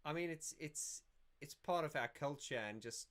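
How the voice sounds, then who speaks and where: A man's voice: on the high side, normal speed, a bit bright. A man hosting a casual livestream Q&A, chatty and rambling, often laughing and restarting his sentences. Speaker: YouTube channel host.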